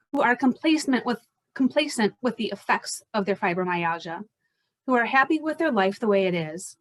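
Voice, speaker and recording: A woman's voice: on the high side, fairly bright tone, no echo. Earnest woman coach in her 40s. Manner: earnest, direct, listing points steadily. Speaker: fibromyalgia coach. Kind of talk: personal story and coaching pitch.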